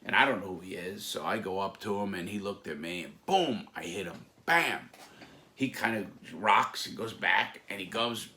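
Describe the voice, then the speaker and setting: A man telling stories from his past in a casual, animated way, acting out other people's voices with sudden loud outbursts. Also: low voice, normal speed. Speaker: former mob associate telling stories. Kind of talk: casual storytelling.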